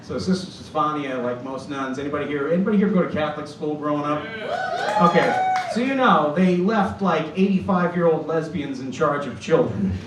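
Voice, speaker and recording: A man tells an animated stand-up story in a fairly high voice. The club room rings with echo, and he sounds a little far from the mic, with faint noise underneath. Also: brisk. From Boston. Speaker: stand-up comedian. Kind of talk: stand-up set. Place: comedy club stage with live audience. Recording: roomy club recorded from afar.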